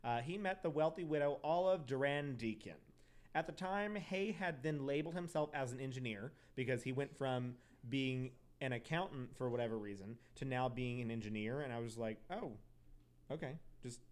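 A man's voice: mid-range voice, animated, moderate pace, a little mellow. A young man hosting a podcast, telling a true crime story casually, with profane asides and self-corrections. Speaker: podcast host.

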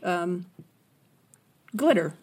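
A woman's voice: lowish voice, lively intonation, very slow, darkish tone. A woman co-hosting a casual podcast, trading playful, jokey quips. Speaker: podcast co-host. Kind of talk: casual chat.

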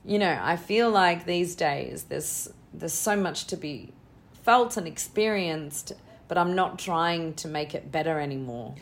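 Low-voiced woman, earnest and unhurried. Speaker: interview guest, tantra teacher. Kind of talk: casual spiritual conversation. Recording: faint background noise.

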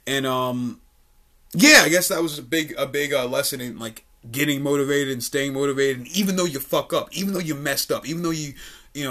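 Loose, swearing young comedian telling stories. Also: male voice, mid-range voice, fairly quick, pushed and bright. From Richmond, Virginia. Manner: laid-back, swearing, lots of likes and uhs, laughs often. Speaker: podcast host, comedian. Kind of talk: casual storytelling chat. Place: studio.

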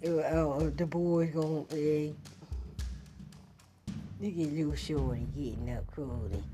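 A woman's voice: low-pitched, fairly even intonation, takes it slowly, dark tone. A woman hosting a podcast in loose, slangy casual chat, swearing freely, with music playing behind her. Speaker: podcast host.

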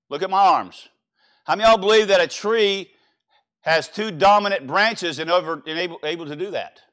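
A Louisiana man preaching in a church, lively and conversational. He keeps firing questions at the congregation and swings between loud and quiet stretches. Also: high voice, clear, resonant tone. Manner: animated, quizzing the congregation. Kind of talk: sermon.

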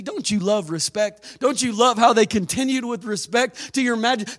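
A man's voice: very high voice, a bit bright. A man preaching a sermon in an emphatic, exhorting way, with dramatic bursts. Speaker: pastor.

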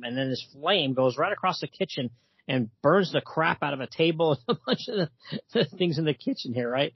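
Husky man chatting about comics. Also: mid-range voice, animated, fairly quick, no room sound, lo-fi sound. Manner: reads comic dialogue aloud with laughs. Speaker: podcast co-host. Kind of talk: casual comic book discussion.

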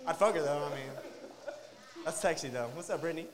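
A man's voice: on the high side, fast talker, heavy background noise. A man doing a crude, rambling stand-up set after a few drinks, talking to the crowd and laughing at his own jokes. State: tipsy. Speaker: stand-up comedian. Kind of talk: open-mic stand-up set. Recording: long hall reverb.

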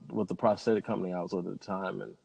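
A man tells rambling stories in a relaxed interview, upbeat and positive throughout. His voice sits on the lower side, and a long hall reverb trails after his words. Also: very fast, gravelly, slightly rough. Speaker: pilot and interview guest. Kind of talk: casual interview conversation.

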